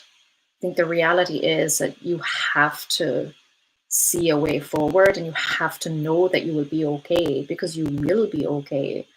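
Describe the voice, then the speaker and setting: A woman in her thirties hosts a live stream and talks through viewer comments in a loose, chatty way. Her voice sits a little low for a woman. She fills her pauses with ums and laughs easily. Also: slightly rough, rough recording. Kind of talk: casual live-stream chat.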